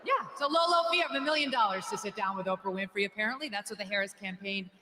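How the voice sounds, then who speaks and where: A woman delivers a rally speech in a bright, sharp voice, trading in sarcasm and mocking jokes. Her words ring out through a large, echoey hall with a long reverb tail and faint crowd noise beneath. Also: mid-range voice, very fast. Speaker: rally speaker.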